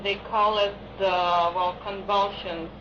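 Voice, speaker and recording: A woman under hypnosis answers in short, halting phrases. Her voice is flat and slow. The old recording sounds dull, with a constant hiss. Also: medium pitch. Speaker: hypnosis patient.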